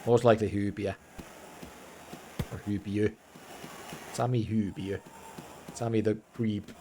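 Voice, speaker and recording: A man's voice: on the low side, steady tone, slow pace, noisy background. A young Finnish man with a Finnish accent, a native Finnish speaker, giving casual, mumbly commentary while streaming a game. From Finland. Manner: mumbling, words run together.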